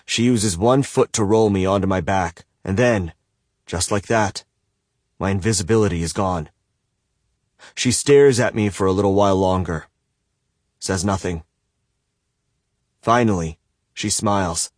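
A man reading a first-person audiobook in a tense, measured way. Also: low voice, dry recording, clean studio sound. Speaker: audiobook narrator.

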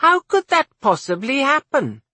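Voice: high-pitched, big pitch swings, normal speed, pushed and bright, no echo, voice pushed up, exaggerated voice. A narrator voicing a determined young noblewoman guardian who questions insistently.

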